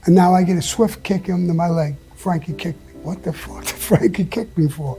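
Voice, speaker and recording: A man's high-pitched, husky, dark-toned voice moves fairly quickly over faint background music. Being interviewed, he shares profane, blunt stories with heavy emphasis, frequent swearing and an odd laugh along the way.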